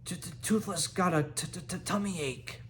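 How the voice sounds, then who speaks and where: A man's voice: high-pitched, moderate pace, fairly bright tone, a little hiss or hum, pitched above the performer's own voice. A man doing a stuttering grumpy little dragon. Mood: whiny. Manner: stutters on first sounds.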